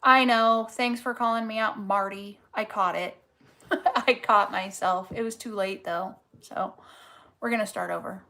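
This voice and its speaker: A woman reads tarot casually, blunt and swearing as she addresses the viewer head-on, driving points home through repetition. Her mid-range voice is pushed and bright, with fairly even intonation and a measured pace.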